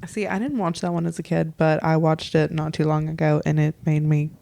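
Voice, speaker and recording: A woman's voice: low-pitched, little pitch movement, a little fast, vocal fry, mellow, a little hiss or hum. A woman co-hosting a podcast, chatting casually with wry, self-deprecating quips. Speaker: podcast co-host. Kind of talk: casual chat.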